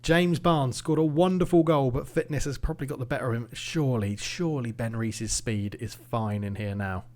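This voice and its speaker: A man commentating his own football management game, swinging between nervous muttering and excited shouting. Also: medium pitch, moderate pace, few pauses. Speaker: gaming YouTuber.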